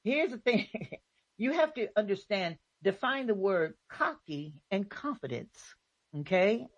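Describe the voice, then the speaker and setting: This is a woman host at a middling pitch who leads a casual faith conversation. She speaks emphatically and repeats her points. Her voice is recorded dry and close. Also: animated, a little slow, no echo, dull audio. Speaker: talk show host.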